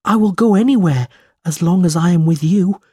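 A man's voice: moderate pace, husky, dry recording, studio quality. A man voicing a frightened young boy who pleads to be allowed to stay, in a storybook reading. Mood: pleading. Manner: pleading, high and loud.

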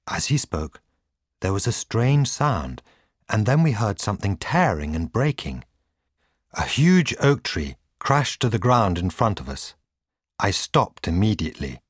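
A man's voice: on the low side, sing-song, unhurried, breathy edge, no room sound, studio quality. A man reading a children's storybook aloud as a scripted narration. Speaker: audiobook reader.

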